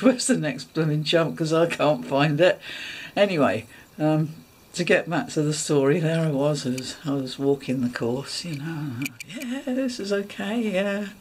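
A woman with a husky, breathy voice tells a funny story from her own life. She chats along casually, breaking into laughter and voicing her own surprised thoughts as she goes. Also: low-pitched, darkish tone. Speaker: dog agility vlogger. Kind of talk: casual anecdote.

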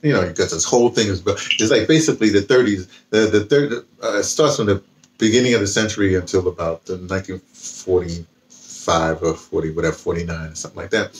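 Rambling low-voiced man talking books. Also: fairly quick. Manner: rambling, with frequent restarts. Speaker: vlogger. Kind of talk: casual book talk with reading aloud.

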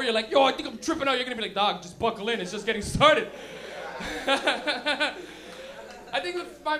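A young man with a very high, bright voice works a comedy club stage. He tells stories loosely and crudely, full of slang, in an animated stand-up manner.

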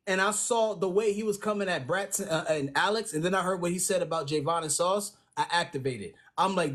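A man's voice: high voice, brisk, few pauses, fairly bright tone. A young man in a heated casual live stream chat, slangy and indignant, talking through a phone.

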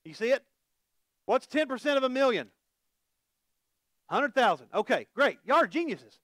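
A man's voice: very high-pitched, big pitch swings, moderate pace, a bit bright, no room sound, clean studio sound. A middle-aged man preaching a conversational sermon as pastor, folksy and quizzing the congregation with questions.

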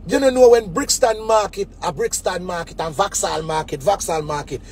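A man's voice: high-pitched, normal speed, a little mellow, slight background noise. A man with a Jamaican accent in a casual comic rant, mocking people and dropping into sneering quoted voices. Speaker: DJ ranting on a web show.

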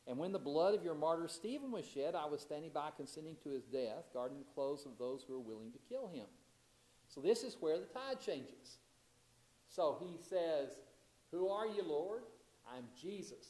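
A man with a somewhat high voice teaches a Bible lesson in a church room that has a clear echo. He reads scripture aloud and then explains it in his own words, often restarting a phrase as he goes. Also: dark tone. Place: church classroom.

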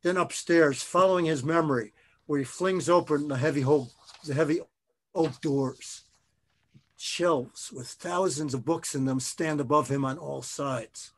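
A man, an author, reading his own novel aloud in a measured, expressive way. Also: a little high.

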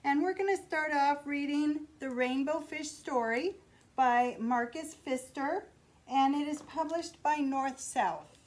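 A woman's voice: high voice, takes it slowly, poor audio. Woman reading a picture book aloud. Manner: friendly, expressive storytelling. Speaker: librarian. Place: public library.

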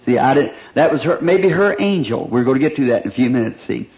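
A man preaching an old-time revival sermon, telling stories animatedly and swinging between loud emphasis and hushed asides, on a dull 1960s church recording. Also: mid-range voice, lively intonation, fast.

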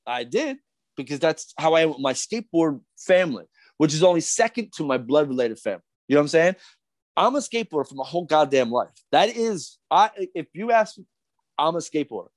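A middle-aged man ranting on a podcast, worked up and profane, his pitch swinging widely and sitting a bit high for a man. He talks into a close studio mic in a dry, dead room, packing in fillers and restarts. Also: big pitch swings, brisk, no echo. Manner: profane, fired up, repetitive fillers. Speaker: podcast guest, skateboarder. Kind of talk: heated podcast rant.

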